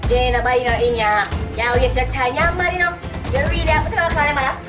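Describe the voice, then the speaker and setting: A woman plays a defensive Jamaican girlfriend who talks in a high voice and keeps coaxing her man to calm down. The voice sounds roomy and off-mic, with loud music in the background. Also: fairly quick, distant mic, close to an everyday voice.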